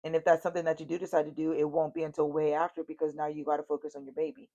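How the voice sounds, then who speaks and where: A woman's voice: sits low, little pitch movement, racing, dark tone, dull audio. A woman giving a casual tarot reading, speaking bluntly and straight to her viewers, cursing freely and repeating her warnings. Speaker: tarot reader.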